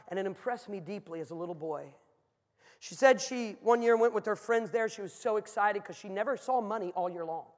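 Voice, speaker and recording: In a large church, a high-pitched man delivers a sermon as a series of stories, his voice trailing off into a long hall reverb. He swings between a hush and a shout.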